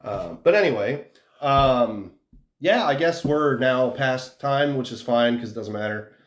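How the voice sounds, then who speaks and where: A man's voice: medium pitch, animated, measured pace. A male podcast host chats casually in a mid-range voice, rambling with fillers. His voice sounds roomy and echoey. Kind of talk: casual chat. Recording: roomy echo.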